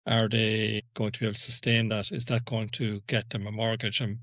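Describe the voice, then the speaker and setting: A man's voice: on the low side, flat delivery, brisk, fairly bright tone, no echo, clean studio sound. An Irish man in his forties on a podcast, asking his friends probing questions about work. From Ireland. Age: 40s. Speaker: podcast co-host. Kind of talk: casual chat among friends.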